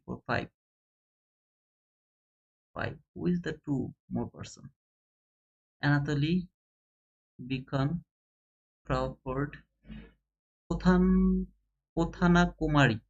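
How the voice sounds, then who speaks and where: A man with a South Asian English accent hosting a live stream, chatting casually and reading names aloud with excited bursts. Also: fairly high pitch, takes it slowly, creaky, long pauses, breathy edge, highs cut off. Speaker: trading channel host running a giveaway.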